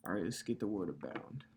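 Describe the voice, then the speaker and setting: A man's voice: on the low side, darkish tone. A man teaching scripture in a loose, conversational way, with casual swearing and frequent filler tags like "okay" and "all right". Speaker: bible teacher. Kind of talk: casual sermon.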